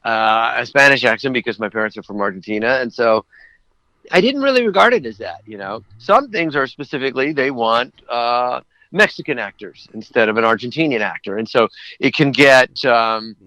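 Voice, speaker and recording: A man's voice: mid-range voice, big pitch swings, normal speed, sharp tone, no echo, rough recording. A man who works as a voice actor, chatting as a guest in a casual interview and telling rambling anecdotes.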